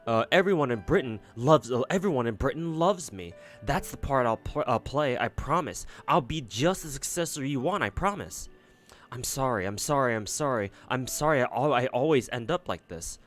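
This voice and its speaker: A man's voice: mid-range voice, lively intonation, normal speed, soft background music, lightly acted. A man voicing a spoiled, cruel young fairy princess who is insecure and pleading, reading aloud from a game.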